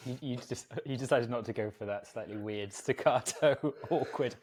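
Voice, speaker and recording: A man's voice: mid-range voice, normal speed, a little mellow. A man hosting a casual podcast, chatty and rambling, laughing easily as he talks. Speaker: podcast host, agency co-founder.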